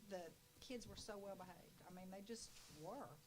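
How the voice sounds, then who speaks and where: A woman board member speaks with halting, admiring enthusiasm. Her voice is mid-range. Clear room noise runs behind her. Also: mid-range voice. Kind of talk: public meeting remarks.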